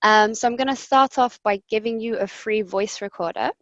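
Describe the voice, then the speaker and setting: A woman's voice: a little high, moderate pace, a bit bright, no room sound, highs cut off. A woman presenter leading voice and breathing exercises on a video call, giving friendly step-by-step instructions with many ums. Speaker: voice coach presenter. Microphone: computer mic on video call.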